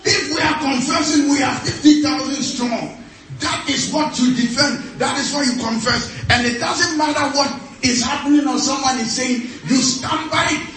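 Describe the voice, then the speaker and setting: High-voiced man preaching in an echoey hall. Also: normal speed, a bit bright. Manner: emphatic, repeats short phrases, laughs often. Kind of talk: sermon. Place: church. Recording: echoey church hall, mic at a distance.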